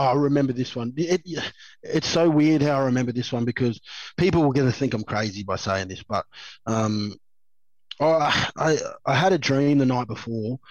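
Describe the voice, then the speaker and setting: In a medium-pitched voice, the Australian ex-rugby league player in his thirties rambles through stories as a casual chat guest. The recording is dry and a bit dull, and he laughs often, restarting sentences and leaning on fillers.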